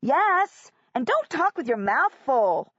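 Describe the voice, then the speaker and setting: A prim, scolding young schoolgirl with a big, high voice, as a woman narrator puts her on. Her lines come out sharp and loud. The audiobook recording is dry and a little muffled. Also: very animated, slow, no room sound, exaggerated voice. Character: bossy sharp-tongued schoolgirl, young teen.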